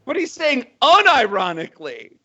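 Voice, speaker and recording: Male podcast guest, high lively voice, exasperated, heard over a dull lo-fi mic. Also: normal speed. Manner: animated, exasperated. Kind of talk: casual chat.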